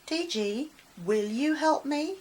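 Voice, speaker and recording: Brief: gentle storybook spirit-lady, soft, friendly and coaxing, read by a woman. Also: sits high, animated, slow pace, slight background noise, pitched above the performer's own voice. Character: kind magical lady in a puddle.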